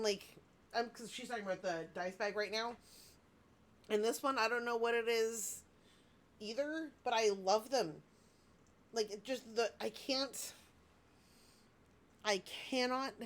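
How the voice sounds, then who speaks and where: Excitable woman vlogger in her thirties, gushing, rambling casual talk to her viewers. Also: fairly high pitch. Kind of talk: casual unboxing chat.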